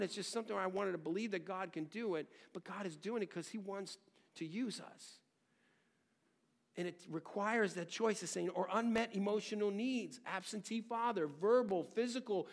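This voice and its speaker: A man's voice: high-pitched, gravelly. A man preaching a sermon as a pastor, earnest and conversational, weaving in personal stories.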